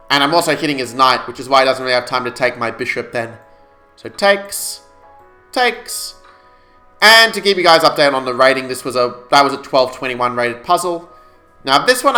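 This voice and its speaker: A man with a medium-pitched voice streams chess puzzles live, working out moves aloud and casually explaining them to viewers.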